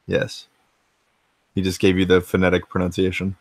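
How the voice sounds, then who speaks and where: An American man runs a laid-back retro gaming livestream from his home game room, rambling and cursing freely while answering chat. His voice is low and monotone at normal speed, with no echo.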